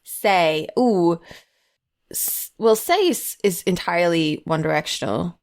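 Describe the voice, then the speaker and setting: A woman co-hosts a relaxed talk show in English, which is not her first language. She talks in a thoughtful, hesitant way, and her voice sits a little low for a woman. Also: slow. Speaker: podcast co-host. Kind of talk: casual chat.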